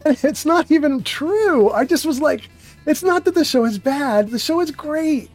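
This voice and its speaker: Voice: sits high, animated, normal speed. Rambling streamer, faint music behind. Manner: rambling, self-deprecating, many fillers. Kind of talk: gameplay commentary and storytelling.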